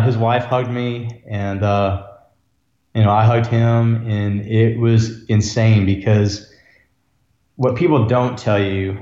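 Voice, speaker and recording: Earnest low-voiced doctor, roomy sound. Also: male voice, a little mellow, lo-fi sound. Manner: earnest, reflective, emotional at times. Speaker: ER physician, podcast guest. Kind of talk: conversational storytelling.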